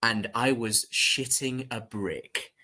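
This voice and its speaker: Slow, thoughtful man talking. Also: medium pitch, bright, forceful tone. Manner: slow, thoughtful, with many pauses and fillers. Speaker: podcast guest, actor and musician. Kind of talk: reflective conversation.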